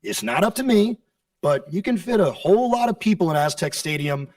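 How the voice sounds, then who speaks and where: A man's voice: high-pitched, expressive, a little fast, a little mellow, dry recording. A man answering press questions as a wrestling champion, brash and profane, bragging with heavy sarcasm. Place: press conference room. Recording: dry sound from a distant mic.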